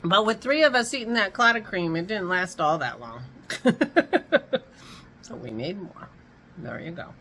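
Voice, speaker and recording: A woman's voice: lowish voice, big pitch swings, measured pace, pauses often, a bit bright, slight background noise, rough recording. A woman hosting a casual home vlog, chatting in a rambling way and breaking off mid-thought, with hiccups. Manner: rambling, chatty, self-interrupting. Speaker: vlog host.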